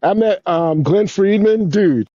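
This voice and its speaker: A man chatting as a podcast guest, telling excited stories with lots of swearing. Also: slow pace, no room sound, highs cut off. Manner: excited storyteller, swears a lot, animated swings in pitch. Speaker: podcast guest, former pro skateboarder. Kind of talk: casual interview chat.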